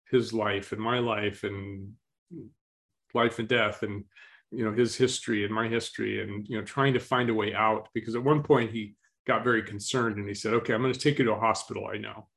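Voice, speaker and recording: Calm, slow-telling male interview guest. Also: lowish voice. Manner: slow, calm, clears throat often. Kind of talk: storytelling in an interview.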